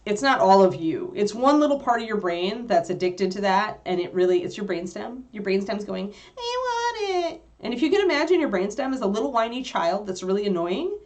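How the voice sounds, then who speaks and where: This livestream co-host speaks at a medium pitch, a little fast and animated, with few pauses. Answering chat casually, she rambles with plenty of fillers and laughs readily.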